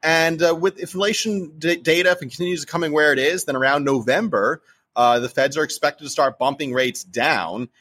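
A man's voice: on the high side, normal speed, a bit bright, breathy edge. A man with a New Jersey accent, speaking as a guest in a casual interview and talking animatedly and emphatically about investing. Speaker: real estate investor guest.

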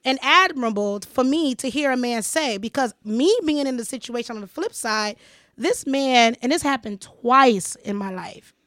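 In a fairly high voice at a moderate pace, a podcast host shares a personal story in casual chat, bringing it to life by acting out what others told her. It's a studio-quality recording without echo.

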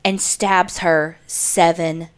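A woman co-hosting a true crime podcast, telling the case in a casual, animated way with plenty of swearing. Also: lowish voice, very slow, smooth. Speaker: podcast co-host.

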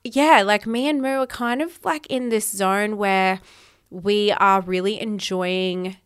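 A woman's voice: medium pitch, steady tone, slow pace, clean tone. A young woman hosting a podcast, talking casually in a chatty monologue full of 'like' fillers and the odd swear word. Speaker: podcast host.

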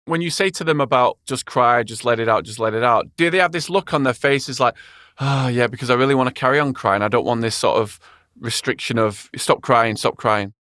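A man's voice: medium pitch, normal speed, bright, forceful tone, no echo, studio quality. A man hosting an interview, engaged and conversational, following up on his guest's answers.

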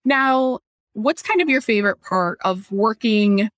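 Woman business owner hosting a podcast; chatty, animated, dry close mic. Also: medium pitch, unhurried, no room sound. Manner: chatty, animated, acts out quotes. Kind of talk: casual podcast chat.

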